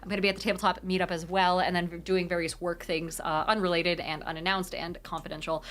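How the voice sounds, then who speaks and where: Chatting on a live stream, a young woman from the Pacific Northwest reads viewer comments aloud, talking fast in a lowish voice. She's animated, swears freely, laughs often, and rambles, restarting her thoughts as she goes.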